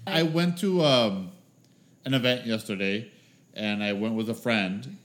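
A man's voice: fairly low pitch, measured pace. A man in his forties co-hosting a podcast, telling stories in casual chat with lots of laughter and swearing. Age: 40s. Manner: animated storytelling, laughs often, swears freely. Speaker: podcast co-host.

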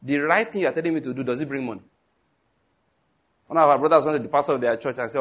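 A middle-aged Nigerian-accented man preaching with a husky, slightly raised voice. He drives his points home emphatically and tells stories in an animated way, throwing rhetorical questions at the congregation. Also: on the high side, very fast. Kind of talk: sermon.

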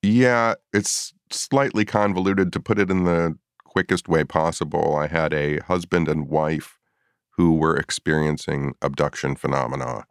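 A middle-aged man with a very low voice tells a story in a casual podcast chat. He is a paranormal investigator, and he jumps up in pitch when he acts out his own past reactions. The sound is dry and close. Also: fairly even intonation, measured pace, no echo.

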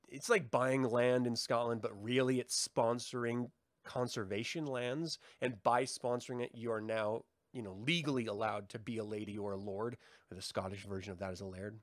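A man's voice: mid-range voice, dry recording, studio quality. A man hosting a live stream, chatting casually with viewers, joking, swearing and laughing a lot. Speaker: livestream host.

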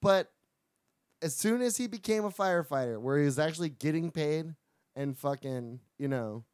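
A man's voice: a little high, animated, moderate pace, a little mellow, smooth, no echo, studio quality. A man co-hosting a casual podcast, blunt and joking, telling profane stories. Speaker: podcast co-host. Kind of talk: casual chat.

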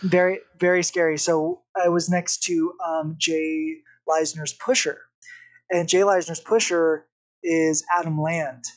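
A young man, a podcast guest, telling a story in a casual, animated way. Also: a little high, unhurried. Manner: animated, vivid retelling with acted-out quotes.

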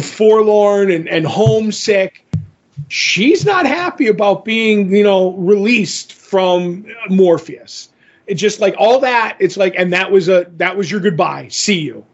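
Husky high-voiced man retelling a comic. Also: muffled recording. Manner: retells scenes with quick voiced quotes. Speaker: podcast co-host. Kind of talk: casual comic-book chat.

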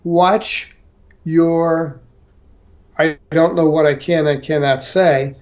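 A man's voice: fairly high pitch, fairly even intonation, normal speed, a little mellow. A man telling a personal story as a guest, hesitant, with many fillers and restarts. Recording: dull lo-fi audio.

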